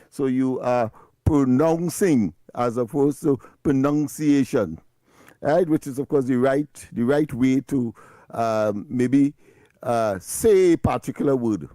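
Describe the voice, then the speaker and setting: A man's voice: fairly high pitch, mellow, dry recording, clean studio sound. Laughing Trinidadian man, radio co-host. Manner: laughing, quick comebacks, repeats himself. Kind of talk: call-in radio banter.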